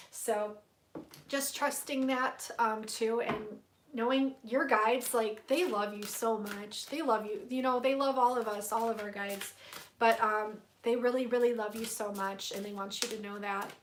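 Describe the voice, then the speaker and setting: A woman giving a live spiritual tarot reading to her viewers, soft-spoken and gushing, with many fillers and easily moved to emotion. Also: fairly high pitch, steady tone, a little slow, slight background noise. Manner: emotional, tearful at moments. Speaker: tarot reader hosting a livestream.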